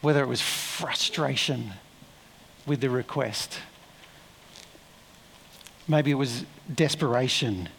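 A man's voice: mid-range voice, slow, vocal fry, long pauses, fairly bright tone, in a large hall, a little hiss or hum. A man preaching a sermon in a conversational, reflective way, with asides and self-corrections.

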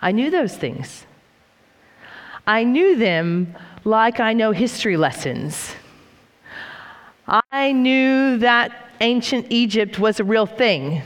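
A woman's voice: on the high side, animated, takes it slowly, pauses often. A woman preaching a sermon in a conversational, reflective way, with frequent fillers and restarts, in a church hall. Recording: reverberant hall.

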